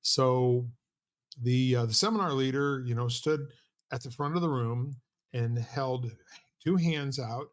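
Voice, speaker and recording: A man in mid-range pitch co-hosting a relaxed podcast conversation. He tells his stories loosely, circling back with restarts and little "you know" asides. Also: measured pace. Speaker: podcast co-host. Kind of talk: casual conversational storytelling.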